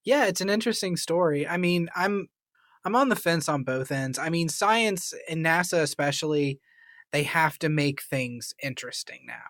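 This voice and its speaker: A man's voice: fairly high pitch, normal speed, fairly bright tone, no room sound, studio quality. A man co-hosting a casual podcast, joking in a wry, laid-back manner. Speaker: podcast co-host.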